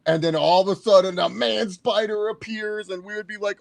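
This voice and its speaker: Excitable man with a higher voice. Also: brisk, vocal fry. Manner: excitable, animated, acts out quotes. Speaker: podcast co-host. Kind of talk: casual movie review chat.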